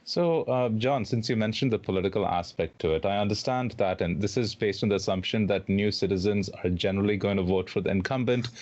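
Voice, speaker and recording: A male host with a very low voice, asking slow, considered questions in a casual interview. The recording is muffled and lo-fi. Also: a little mellow.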